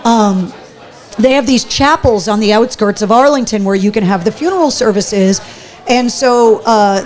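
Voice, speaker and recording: A woman hosting a live talk show from a pub, telling a story in a quick, animated, casual way. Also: on the high side.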